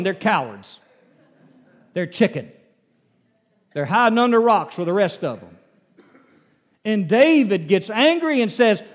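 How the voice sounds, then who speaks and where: High-voiced preacher in an echoing hall. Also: male voice, lively intonation, measured pace, a bit bright. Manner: folksy storytelling, acts out Bible scenes. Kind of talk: sermon. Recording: long reverb of a large hall.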